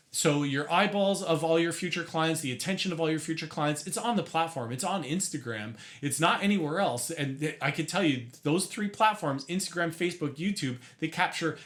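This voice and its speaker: Upbeat man coaching to camera. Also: a little high. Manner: energetic, self-correcting, chatty asides. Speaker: marketing coach for therapists. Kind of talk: direct-to-camera teaching.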